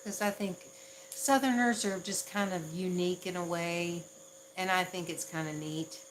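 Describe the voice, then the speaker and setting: A woman's voice: on the low side, steady tone, normal speed, slight background noise, low-quality recording. A woman from the Southern United States with a Southern accent, chatting casually on a livestream and laughing at herself often. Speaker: ASMR livestream host.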